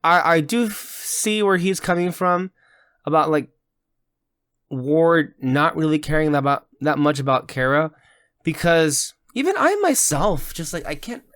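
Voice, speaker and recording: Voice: medium pitch, expressive, a little slow, a bit bright, no echo, studio quality. A podcast co-host chatting casually in a show reaction, thinking aloud with restarts and hedges.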